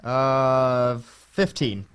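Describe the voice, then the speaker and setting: A man's voice: mid-range voice, fairly even intonation, very slow, a bit bright, clear, resonant tone. A man playing a bored teenage boy ghost in a comedy sketch, sarcastic and exasperated, stumbling over his words with ums and restarts. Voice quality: hesitant, full of ums and restarts. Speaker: interview guest in a comedy sketch. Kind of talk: comedic improvised interview.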